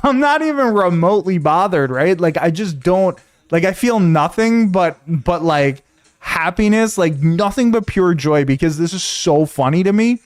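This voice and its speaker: A man streaming, telling a story to his chat in a casual, animated, profane way, often repeating himself. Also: high voice, normal speed.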